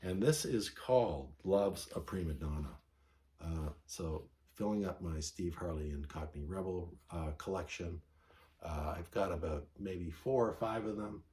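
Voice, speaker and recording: A man's voice: sits low, measured pace, dark tone. A man vlogging casually about records he found, rambling and correcting himself as he goes, enthusiastic about his finds. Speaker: vinyl record collector vlogger. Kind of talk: casual show-and-tell vlog.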